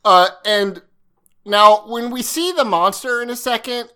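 A woman's voice: a little high, unhurried, fairly bright tone. Rambling woman podcast host. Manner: rambling, self-interrupting, swears casually. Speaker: podcast co-host recapping an episode. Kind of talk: casual chat.

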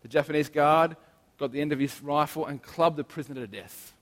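Earnest preacher man, slightly high voice. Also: in a large hall. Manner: earnest, emphatic preaching with slow stressed phrases. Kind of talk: sermon.

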